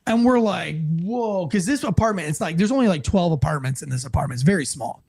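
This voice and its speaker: A police officer telling a story in casual chat, animated and swearing, acting out the voices of the people in it. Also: male voice, fairly high pitch, quick pace, creaky, breathy edge, no room sound. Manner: animated, acts out quoted voices; swears casually, many fillers.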